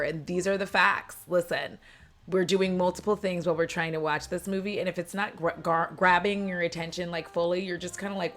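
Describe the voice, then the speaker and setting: Woman YouTuber, lowish voice, animated casual film recap, faint music behind. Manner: animated, chatty, laughing asides; acts out characters' lines and sound effects. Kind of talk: casual chat.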